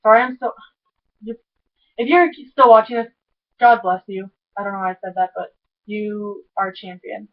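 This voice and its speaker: A woman giving an excitable, rambling recap of a TV episode, full of "like" and tangents. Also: medium pitch, moderate pace, long pauses, muffled recording. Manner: excitable, rambling, heavy use of "like". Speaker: TV episode reviewer. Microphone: camera mic.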